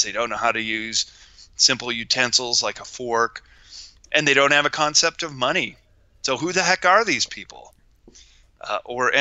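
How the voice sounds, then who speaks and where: Gregarious male guest telling stories, very bright and crisp voice, dry close sound. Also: mid-range voice, dry recording, low-quality recording. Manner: gregarious, animated, acts out quoted voices. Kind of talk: casual storytelling chat.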